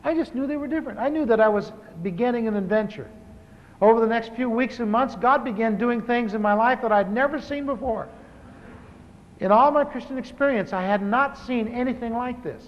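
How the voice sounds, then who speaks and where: A man in his fifties, a pastor, telling his personal testimony in a relaxed, humorous storytelling manner, with frequent restarts. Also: extremely high pitch, moderate pace. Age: 50s. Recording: echoey hall, dull lo-fi tape.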